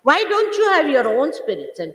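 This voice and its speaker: A woman's voice: high-pitched, huge pitch swings, moderate pace, a bit bright. A woman, a spiritual teacher scolding her followers with emphatic rhetorical questions. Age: 60s. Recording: echoey hall, old 1980s recording.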